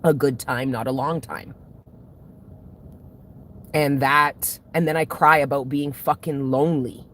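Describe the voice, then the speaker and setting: A woman's voice: rumbling low, fairly even intonation, measured pace, long pauses, fairly bright tone. A woman who reads tarot for her channel, venting casually to her viewers in a blunt, heavily cursing way that keeps building into outbursts. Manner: blunt, heavy swearing, emotional outbursts. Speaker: tarot reader and channel host.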